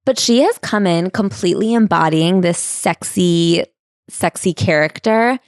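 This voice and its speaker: A woman co-hosting a podcast, recapping a memoir's story in a steady, matter-of-fact way. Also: lowish voice, measured pace, dry recording, studio quality. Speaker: podcast co-host. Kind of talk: casual book club chat.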